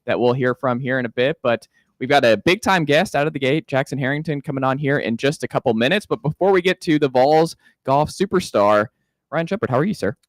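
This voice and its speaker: A man hosting a sports radio show, talking in an upbeat, quick way with fillers. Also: medium pitch, animated, no room sound, clean studio sound. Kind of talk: casual sports radio talk. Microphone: studio microphone.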